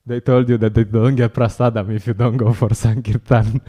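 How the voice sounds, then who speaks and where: Dark-voiced man giving a chatty talk. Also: medium pitch, little pitch movement, normal speed. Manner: chatty, laughs often, acts out street encounters. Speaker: speaker at a temple class. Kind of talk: informal talk.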